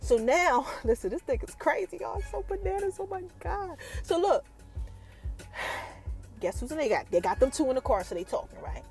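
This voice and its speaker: Animated high-voiced woman podcast host. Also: moderate pace, faint music behind. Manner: animated, keeps asking the listeners questions. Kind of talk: casual TV episode recap.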